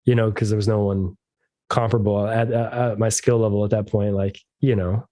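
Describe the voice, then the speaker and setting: A man in his thirties, a podcast guest, telling stories in a casual chat with a monotonous deadpan delivery. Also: fairly low pitch, fairly quick, no echo.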